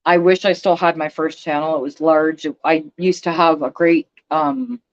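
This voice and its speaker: A low-pitched woman speaking at a moderate pace rants on her livestream as a vlogger. She's blunt, emphatic and swears a lot, and the audio is kind of muffled.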